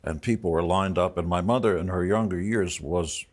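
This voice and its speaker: Older male interview guest, low husky voice, halting and moved as he recounts. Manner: halting, emotional retelling with pauses and restarts. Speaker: interview guest, rock musician. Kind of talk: storytelling interview answers.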